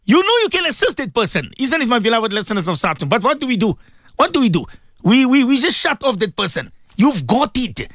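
A man's voice: very high voice, big pitch swings, fairly quick, fairly bright tone, no echo, clean studio sound. Fervent South African man preaching on radio. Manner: fervent, repetitive, exhorting. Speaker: religious radio presenter. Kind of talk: impassioned radio sermon.

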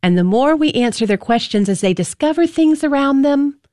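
A woman's voice: high voice, animated, moderate pace, mellow, no echo. Brief: female host, chatty and direct, close dry studio sound. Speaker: presenter. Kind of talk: reflective talk to listeners.

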